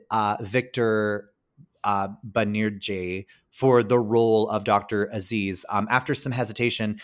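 A man's voice: fairly low pitch, a bit bright. A man co-hosting a podcast, chatting casually about films, with lots of "like" and "um" and the odd swear word. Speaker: podcast co-host. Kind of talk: casual film discussion.

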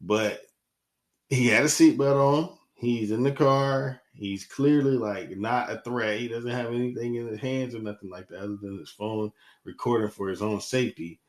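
A man's voice: medium pitch, normal speed. A man hosting his own podcast, ranting in a heated, profane, rambling way. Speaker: podcast host. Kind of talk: casual solo podcast monologue.

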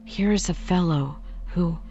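A woman voicing a loud, scornful, overbearing male lawyer in a dull lo-fi recording. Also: fairly low pitch, measured pace, soft background music. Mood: bullying. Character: blustering bullying male lawyer.

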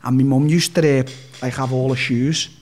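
A man's voice: mid-range voice, steady tone, normal speed, darkish tone, soft background music. A man with a Liverpool accent, telling a personal story as an interview guest in a blunt, sweary, rambling way. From Liverpool, England. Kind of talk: casual storytelling.

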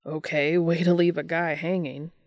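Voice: medium pitch, level tone, moderate pace, dry recording, studio quality, lightly acted. A reader voicing a cocky adult man who talks casually and teases, in a fan fiction audiobook reading. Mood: teasing. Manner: casual and teasing. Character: cocky, joking adult male hunter.

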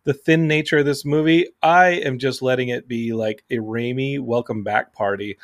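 Male podcast host, excitable casual movie talk, swears a lot. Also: mid-range voice, moderate pace. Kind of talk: casual movie review chat.

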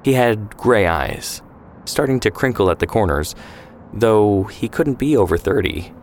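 Deep-voiced man narrating a story. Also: lively intonation, a little hiss or hum. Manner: measured, descriptive. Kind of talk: scripted narration.

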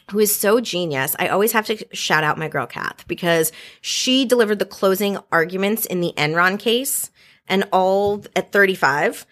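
A woman in her thirties, a podcast guest, chatting casually and telling stories with lots of quick asides. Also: medium pitch, fairly bright tone. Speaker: podcast guest, former White House staffer. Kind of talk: casual storytelling chat.

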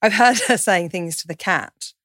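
A woman's voice: mid-range voice, normal speed, a bit bright, dry recording, clean studio sound. A woman in her thirties, a comedian guest, talking candidly with chatty, self-deprecating asides. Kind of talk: candid conversational chat.

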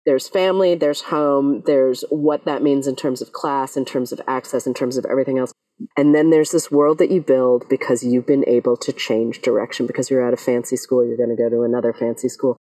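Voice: mid-range voice, steady tone, brisk, mellow, no room sound, far from the mic, rough recording. Thoughtful interviewer, heard from off-mic. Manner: thoughtful, framing questions at length. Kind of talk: interview questions.

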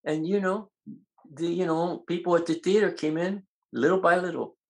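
An older man, a guest in an interview, telling animated stories and acting out the voices of people in them. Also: high voice, moderate pace, creaky. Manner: animated, acts out quoted voices. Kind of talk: storytelling in an interview.

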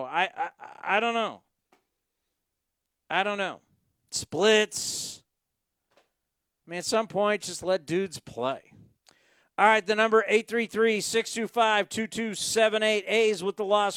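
A man's voice: high voice, fairly bright tone, clear, resonant tone, no room sound, studio quality. A man hosting a post-game radio sports talk show, ranting sarcastically with emphatic outbursts.

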